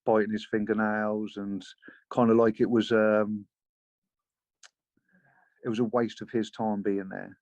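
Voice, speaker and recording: A man talking as a guest in an interview, telling his story in a measured, sober way. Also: fairly low pitch, flat delivery, darkish tone, no room sound. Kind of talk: interview conversation. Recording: dull lo-fi sound.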